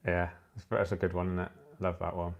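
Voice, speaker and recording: Gravelly-voiced tired man chatting. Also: sits low, a little mellow. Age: 40s. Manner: jokey, chatty, laughs at his own jokes. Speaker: aquascaping channel host. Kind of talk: casual livestream chat with viewers. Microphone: phone used for the livestream.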